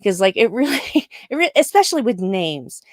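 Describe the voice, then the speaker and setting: A woman's voice: on the high side, big pitch swings, normal speed, dry recording, studio quality. A woman co-hosting a live discussion show who speaks emphatically and opinionatedly, laughing often. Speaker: podcast co-host.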